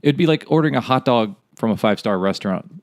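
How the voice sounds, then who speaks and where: A man's voice: medium pitch, lively intonation, fast, no echo, studio quality. A man co-hosting a podcast in casual chat, rambling and speculating, laughing at his own stories. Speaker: podcast co-host.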